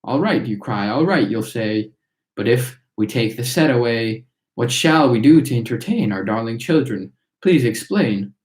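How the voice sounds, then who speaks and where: A man reading a chorus of tiny singing factory workers, reciting their verse in a steady rhythm. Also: mid-range voice, normal speed, close to an everyday voice. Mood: preachy. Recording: roomy echo.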